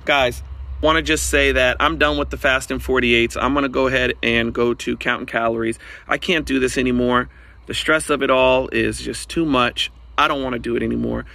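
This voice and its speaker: A man's voice: medium pitch, gravelly, pushed and bright. A man talking candidly to his vlog audience, frustrated and hard on himself, recorded outdoors on a porch. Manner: frustrated, candid, self-critical. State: out of breath. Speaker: vlogger. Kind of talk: casual vlog.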